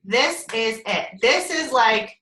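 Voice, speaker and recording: On a casual group call, a team member rambles, laughs often and swears casually, taking it slowly in a voice on the high side that is bright and forceful with lively intonation. Her audio comes over a conference call line from an echoey room.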